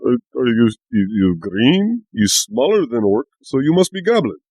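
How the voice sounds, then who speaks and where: A man doing a gruff, blunt half-orc. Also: medium pitch, sing-song, moderate pace, a little mellow, no echo. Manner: broken gruff speech, stammering.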